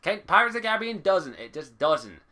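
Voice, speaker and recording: A man's voice: high voice, big pitch swings, fairly quick, pushed and bright. A young Scottish man giving an exasperated, sweary game review, repeating his complaints. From Scotland.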